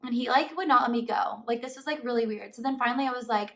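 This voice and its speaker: A woman vlogger recounts a story straight to her viewers in a relaxed, chatty storytime style, filling her sentences with "like". Her voice sits a little on the high side. She sounds a bit distant, as if the mic were placed some way off. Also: quick pace. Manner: chatty, fillers of "like" throughout, animated retelling. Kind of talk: casual storytime to camera. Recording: voice somewhat far from the mic.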